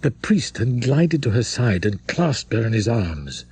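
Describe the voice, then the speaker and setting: A man narrating a classic novel in a dramatic, measured storytelling manner. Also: mid-range voice, sing-song, darkish tone, slightly rough, dry recording. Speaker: audiobook narrator.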